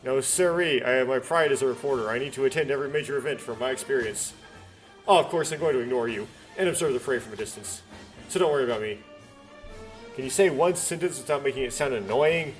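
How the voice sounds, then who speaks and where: Man, game playthrough, reads all characters' lines, self-corrects, mid pitch, soft background music. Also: fast talker. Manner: reads every part in his own voice, with stumbles and self-corrections. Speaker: gamer reading a visual novel aloud.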